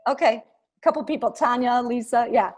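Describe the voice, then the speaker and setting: A woman giving coaching feedback over a video call, acting out example lines with lively swings. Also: on the high side, brisk.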